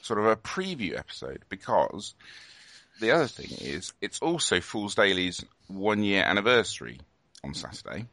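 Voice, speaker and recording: A man's voice: on the low side, very animated, normal speed, gravelly, bright, forceful tone. A man hosting a casual podcast, rambling along with plenty of fillers and restarts. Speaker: podcast host.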